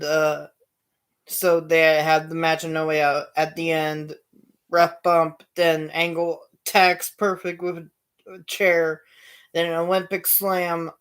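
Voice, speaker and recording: A man's voice: fairly high pitch, fairly bright tone, clean tone. A man hosting his own show, telling a long story in a rambling way with many fillers and restarts. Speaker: show host. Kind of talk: casual storytelling.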